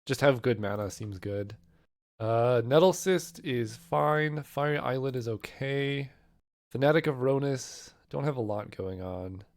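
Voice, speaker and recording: A man talks through his choices in a loose, rambling way, stopping to weigh each option out loud. His voice is hoarse and half gone, and the delivery stays casual and conversational at an ordinary pitch. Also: measured pace. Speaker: card game content creator. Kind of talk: casual thinking-aloud draft commentary.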